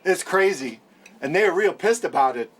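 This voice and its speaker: A man's voice: high voice, expressive, moderate pace. A man playing a tabletop game, talking in a goofy, playful, laughing way. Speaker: player. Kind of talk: casual tabletop play. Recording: background noise.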